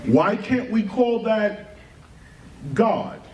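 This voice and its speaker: A man's voice: high-pitched, animated, drawn-out words, darkish tone, a little hiss or hum. A man giving a spoken lecture, emphatic, firing off rhetorical questions and spelling words out letter by letter. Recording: roomy, distant mic, faint background ambience.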